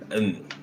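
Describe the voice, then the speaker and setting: A man hosting a live stream, reading viewers' comments aloud and answering them bluntly with lots of cursing. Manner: blunt, profane, swings into loud animated bursts. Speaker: livestream host reading chat. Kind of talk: casual live-stream chat.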